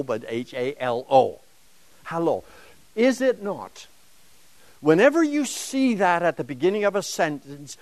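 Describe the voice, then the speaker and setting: A man's voice: on the high side, darkish tone, dry recording. A man teaching a Bible lesson to a class, emphatic and dramatic, driving home points with rhetorical questions.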